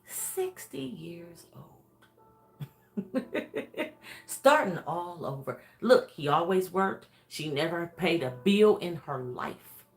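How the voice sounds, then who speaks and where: A woman's voice: on the low side, animated, takes it slowly, soft background music. A woman life coach giving an emphatic motivational talk. She repeats her points over and over and laughs often.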